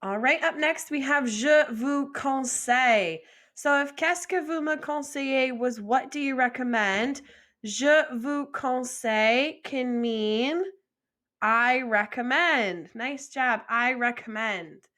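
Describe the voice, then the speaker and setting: A young adult woman teaching French vocabulary in a patient, encouraging lesson, modeling pronunciation slowly and asking learners to repeat. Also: high voice, a bit bright. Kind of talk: slow, deliberate vocabulary lesson with repeat-after-me drills.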